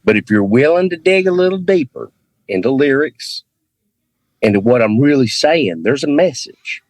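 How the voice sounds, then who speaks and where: A rock singer with a thick Southern accent joins a video call as a guest for a casual conversation, speaking earnestly and emphatically and repeating himself for stress. His mid-range voice is animated and a little mellow at a normal speed, with no room sound.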